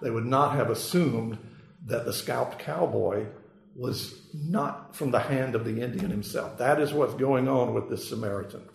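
A man teaching a verse-by-verse Bible lecture, halting, with frequent "uh" and repeated words. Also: mid-range voice, creaky, roomy sound, low-quality recording.

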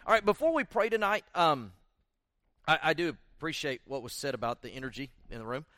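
A man's voice: fairly high pitch, animated, brisk, pushed and bright, dry recording, studio quality. A middle-aged pastor, talking to his congregation in an earnest, conversational way with some restarts before he leads them in prayer. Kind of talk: church prayer meeting address.

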